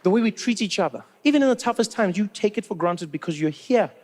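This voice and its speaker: A man from South Africa with a South African accent doing a stand-up comedy routine, animated storytelling that talks to the crowd. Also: sits high, fast, a little hiss or hum.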